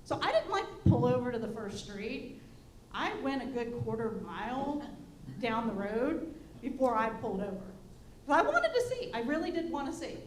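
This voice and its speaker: Woman, high voice, chatty storyteller, roomy sound with faint hum. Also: big pitch swings, normal speed. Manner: chatty, engaging the audience with questions. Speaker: panel speaker. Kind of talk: personal storytelling. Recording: echoey room with faint hum.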